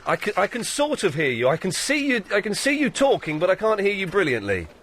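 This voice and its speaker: A man's voice: high-pitched, wildly swooping pitch, brisk, fairly bright tone, slight background noise. A man hosting a live radio show in a radio studio, jokey and loose in his chat. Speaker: radio host.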